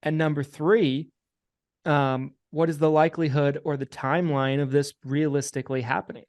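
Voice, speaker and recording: A man hosting a casual podcast, talking in a measured way, repeating himself and laying out points one by one. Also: fairly high pitch, steady tone, darkish tone, no echo. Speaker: podcast host and insurance agent.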